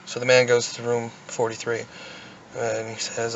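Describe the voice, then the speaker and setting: A man's voice: mid-range voice, completely flat delivery, unhurried, a bit bright. A man co-hosting a podcast in casual chat, laid-back and profane, telling a long joke. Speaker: podcast co-host. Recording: dull, distant mic with faint noise.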